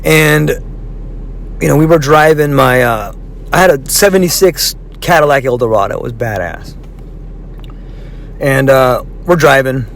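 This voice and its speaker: A man casually telling a long personal story, animated and acting out what people said, swearing freely. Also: medium pitch, measured pace, creaky, pauses often, slight background noise. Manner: animated, acts out quoted voices, swears freely.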